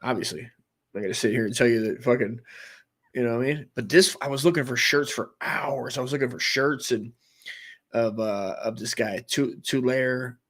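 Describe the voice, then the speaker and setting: A man in his forties from the United States who keeps up a rambling, profane comic monologue, full of excitable restarts and tangents. His voice sits at an ordinary middle pitch for a man. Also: normal speed. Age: 40s. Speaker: comedy stream host.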